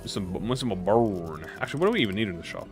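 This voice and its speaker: Rambling male streamer with lively pitch. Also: quick pace. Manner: rambling, self-correcting, trailing off into mumbles. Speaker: live-streamer. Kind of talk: casual live-stream chat while gaming. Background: faint game music.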